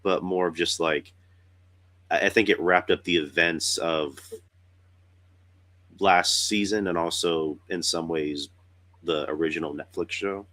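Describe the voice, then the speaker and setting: Deep-voiced sick young man hosting a podcast. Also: fairly even intonation, a little slow, long pauses, pushed and bright. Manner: loose, rambling, swears casually. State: sick with a cold, rough voice. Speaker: podcast host. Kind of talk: casual chat.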